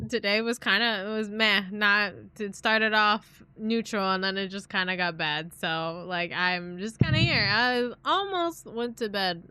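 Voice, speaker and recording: A woman's voice: mid-range voice, pushed and bright, clear, resonant tone, no echo. A young woman live streamer chatting casually with her viewers, rambling and giggling, swearing now and then.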